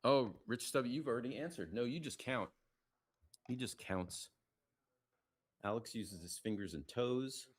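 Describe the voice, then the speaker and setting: A man's voice: measured pace, long pauses, slightly rough. A man giving live play-by-play commentary on a backgammon match, chatty and casual, reading out viewer comments and keeping his voice down so the players won't hear him. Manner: lowers his voice to stay quiet near the players.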